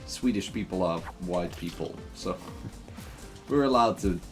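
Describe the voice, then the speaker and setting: A man's voice: sits low, a little slow, soft background music. A man streaming a game, joking and rambling with lots of fillers in casual commentary.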